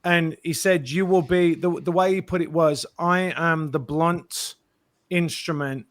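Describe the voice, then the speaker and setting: Animated man telling stories. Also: a little high, measured pace, dry recording. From Britain. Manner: animated storyteller, acts out quotes. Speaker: actor guest. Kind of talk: interview anecdote.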